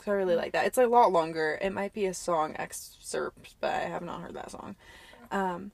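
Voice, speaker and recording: A woman's voice: fairly low pitch, normal speed, gravelly, darkish tone, dry recording. Chatty young woman co-host. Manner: chatty, lots of likes and ums. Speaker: podcast co-host. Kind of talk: casual chat.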